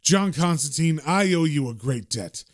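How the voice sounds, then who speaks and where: A man reading aloud the lines of an ancient male pagan spirit, slow and solemn. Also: on the high side, expressive, close to an everyday voice.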